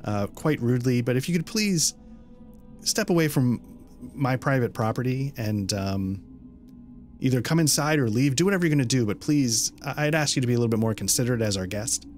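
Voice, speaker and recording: A man's voice: medium pitch, expressive, a little fast, darkish tone, faint music behind, lightly acted. A man voicing a prim, stern woman innkeeper who scolds a guest in formal, polite terms. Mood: primly scolding. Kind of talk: tabletop role-play voice acting.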